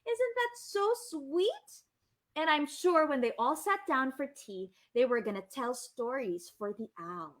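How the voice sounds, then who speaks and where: A Filipino woman reading a story aloud live for children, animated and gushing, often asking the kids questions. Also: sits high, a little slow. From Philippines.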